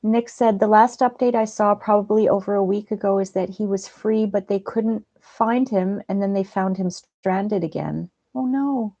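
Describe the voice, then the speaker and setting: A woman hosting a livestream, chatting gently and laughing easily as she reads out viewers' comments. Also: mid-range voice, moderate pace, hardly any pauses, dry recording, lo-fi sound. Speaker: livestream host. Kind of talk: casual livestream chat reading viewer comments. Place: at home.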